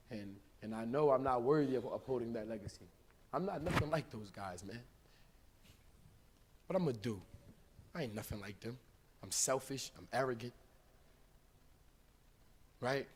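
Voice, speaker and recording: A man from the United States preaching live in a mosque, with a mid-range voice. His talk is loose and informal, with plenty of slang. He swings from loud, punchy lines to very quiet, intimate ones. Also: medium pitch, a little hiss or hum. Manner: informal street-style speech with big swings of volume. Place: mosque hall.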